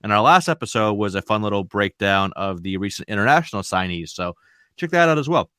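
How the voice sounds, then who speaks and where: A man with a New England accent hosting a fantasy baseball podcast in a chatty, relaxed way. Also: on the low side, a little fast, clean tone, no echo, clean studio sound. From Maine. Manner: chatty, relaxed, rambling with fillers. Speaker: podcast host. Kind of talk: casual podcast chat.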